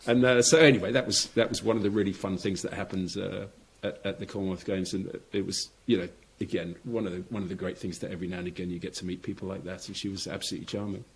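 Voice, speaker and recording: A man's voice: sits low, quick pace, a little hiss or hum. A middle-aged man, a former competitive swimmer, telling an anecdote as a podcast guest and acting out the moments he describes. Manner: animated anecdote teller who acts out the scene. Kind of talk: casual storytelling interview.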